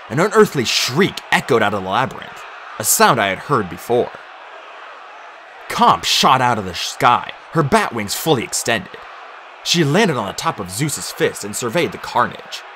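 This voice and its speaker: A man narrating an audiobook in an animated, dramatic reading style. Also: mid-range voice, slight background noise. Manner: animated, acts out shouted lines.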